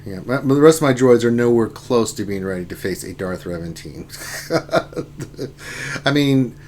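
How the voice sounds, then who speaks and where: A man hosting a casual gaming livestream, talking through his game, with loud exclamations and laughter. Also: mid-range voice, animated, unhurried, a little hiss or hum. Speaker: livestream host.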